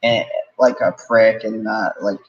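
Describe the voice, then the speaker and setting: A man's voice: fairly low pitch, steady tone, a little slow, highs cut off. A man as a guest in a casual chat, swearing and laughing as he tells gaming rage stories.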